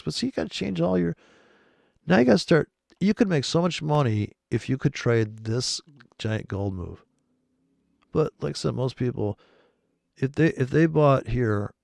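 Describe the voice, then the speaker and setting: A man's voice: medium pitch, vocal fry, a little mellow, dry recording. A man rambling sarcastically and profanely in casual chat about trading over charts. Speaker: trading commentator.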